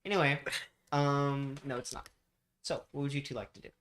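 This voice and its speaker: A man's voice: mid-range voice, fairly even intonation, moderate pace, a bit bright, a little hiss or hum. A man running a tabletop horror game as game master, laughing often and exasperated at his players.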